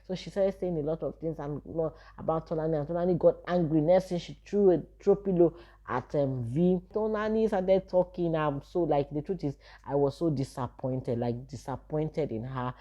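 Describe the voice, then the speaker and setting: Low-voiced woman vlogger. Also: moderate pace, dull audio. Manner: animated retelling, full of fillers and acted quotes. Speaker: vlogger recapping a reality show. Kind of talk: casual chat.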